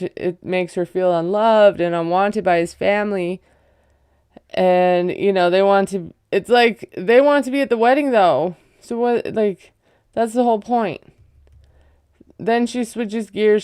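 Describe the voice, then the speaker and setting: Chatty woman with a very clear voice. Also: medium pitch, no room sound, studio quality. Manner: chatty, sarcastic asides, laughs often, many fillers. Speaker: reality show recap host. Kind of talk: casual recap commentary.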